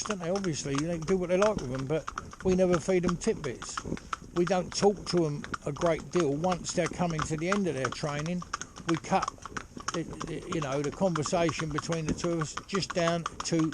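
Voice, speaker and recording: A horse trainer talking casually outdoors while driving a pony cart, rambling and chatty with lots of "you know". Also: male voice, fairly high pitch. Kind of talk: casual spoken instruction while driving ponies. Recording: loud hoof clatter and outdoor noise.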